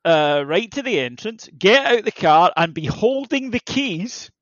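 A man, co-hosting a podcast, telling lively stories in casual chat and swearing freely. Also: high-pitched, a little slow, dry recording, lo-fi sound. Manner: swearing, animated storytelling with mimicked voices. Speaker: podcast co-host.

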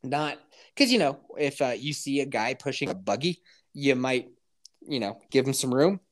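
Animated man telling a profane story. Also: medium pitch, normal speed. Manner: animated, profane, acts out others' reactions. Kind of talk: casual comic storytelling.

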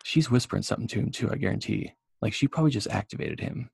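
A man with a raspy voice chatting casually on a video call, excitable and swearing freely. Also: on the low side, fast talker, no room sound. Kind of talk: casual podcast chat.

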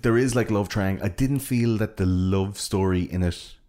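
A man's voice: fairly low pitch, moderate pace. A man co-hosting a podcast, chatting casually and rambling about a film, often acting out lines from it. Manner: rambling, animated quoting of characters. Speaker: podcast co-host.

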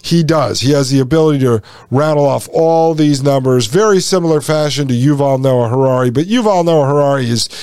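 A man's voice: medium pitch, fairly quick, hardly any pauses, a little mellow, smooth, no room sound. A man hosting a podcast, reading from a text and commenting on it in a folksy, sarcastic way that addresses the listeners directly. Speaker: podcast host.

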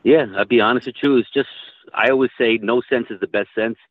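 A man's voice: mid-range voice, fairly even intonation, brisk, no room sound. A man telling hunting stories in casual chat, rambling and swearing freely. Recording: dry tinny phone-like line.

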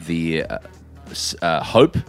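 Casting: Australian man, low voice, loose sweary podcast banter, faint music under. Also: sing-song, slow, gravelly, clean tone. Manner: rambling, swears freely, dry teasing. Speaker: podcast co-host. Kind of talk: casual chat. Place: hotel room.

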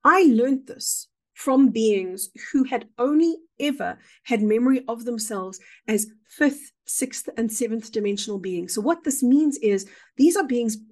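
Earnest woman, higher voice. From South Africa. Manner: earnest, expressive, shifting pace. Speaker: podcast guest. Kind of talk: spiritual conversation.

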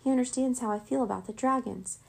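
A woman voicing a conflicted young female helper of a villain in a children's storybook, earnest and softly defiant. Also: a little high, quick pace, creaky, husky, voice pushed up.

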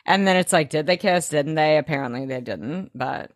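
Young woman co-host, slightly low voice, animated, dry close sound. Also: no echo. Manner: animated, quick reactions, frequent "like". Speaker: podcast co-host. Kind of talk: casual chat recapping a TV episode.

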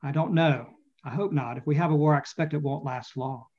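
A gentle, reassuring statesman comforting his aging mother, as a man reads the part. The delivery is quiet and soothing, slightly high for a man. It sounds dull and lo-fi. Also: a little fast, natural voice. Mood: calm. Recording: muffled lo-fi audio.

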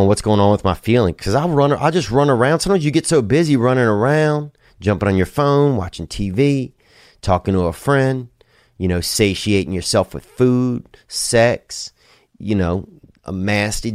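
Male podcast host, very low voice, loose drawling delivery, dry close sound. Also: animated, moderate pace, darkish tone, no room sound. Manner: loose, drawling, joking, swears casually. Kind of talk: casual rambling podcast talk.

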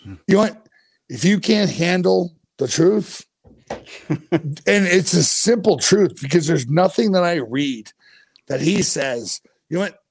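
A man's voice: fairly high pitch, lively intonation, slow pace, creaky, pauses often, husky, no room sound. A man in his forties, a former hockey player co-hosting a podcast, telling blunt, profane stories in casual chat.

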